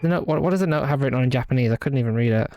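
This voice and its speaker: A man streaming a horror game, thinking aloud through a puzzle with halting restarts and puzzled muttering. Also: mid-range voice, highs cut off. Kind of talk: live gameplay commentary, thinking aloud.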